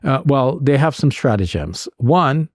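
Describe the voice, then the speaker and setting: A man explaining scripture on a talk show, in a measured, thoughtful way with frequent pauses. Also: mid-range voice, sing-song, no room sound, clean studio sound. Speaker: Islamic scholar guest.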